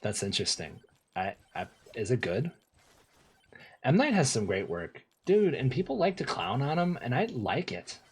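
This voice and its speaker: A young man streaming a game, chatting casually with viewers in relaxed slang, repeating phrases and laughing often. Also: medium pitch, normal speed, breathy edge. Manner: laid-back slang, lots of laughing and repeating himself. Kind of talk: casual gameplay streaming, reading chat.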